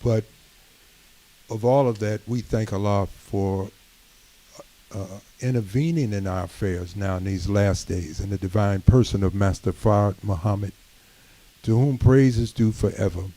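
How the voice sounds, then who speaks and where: Man, middle-aged, sermon-style address, low voice, warm dark tone, measured delivery, builds emphasis. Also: steady tone, poor audio. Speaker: speaker at a community gathering.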